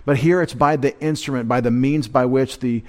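A man's voice: mid-range voice, steady tone, normal speed. A man giving a midweek Bible teaching, explaining a verse with many fillers and restarts, stumbling over his Greek pronunciation. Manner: unpolished Greek pronunciation, self-deprecating asides. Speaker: pastor.

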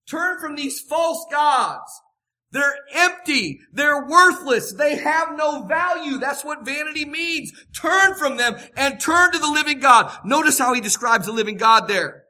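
A man's voice: very high voice, expressive, unhurried, pushed and bright. A man preaching a sermon, emphatic and repeating his key phrases for weight.

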